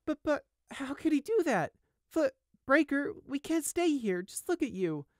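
A man's voice: big pitch swings, a little slow, no room sound, studio quality, heavily acted. A man voicing a frightened young buck. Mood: pleading whisper. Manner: high, anxious and pleading, often hushed. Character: frightened young male deer, timid and pleading.

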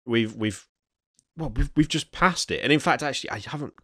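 A man's voice: medium pitch, a little fast, fairly bright tone, dry recording, clean studio sound. A man hosting a gaming podcast, reading news items aloud and then ranting about them with stammering restarts. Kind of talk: news reading and casual chat.

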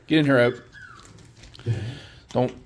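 A woman's voice: a bass voice, steady tone, drawn-out words. A woman breeder showing her puppies, talking to them in a sing-song baby-talk voice and repeating her phrases.

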